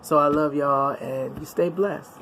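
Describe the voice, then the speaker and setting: A middle-aged woman talks straight to her viewers in a loose, chatty vlog. Her voice is gravelly and full of fry. She sounds upbeat and a little preachy, and she laughs often. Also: deep voice, steady tone, unhurried, a bit bright, slight background noise. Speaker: vlogger. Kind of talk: casual chat to viewers.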